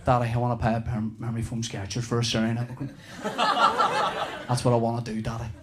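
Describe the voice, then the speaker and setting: A man's voice: mid-range voice, monotone, fast, heavy background noise, pitched below the performer's own voice, natural voice. A man voicing a precocious little boy who talks like a pious, preachy adult. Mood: earnest.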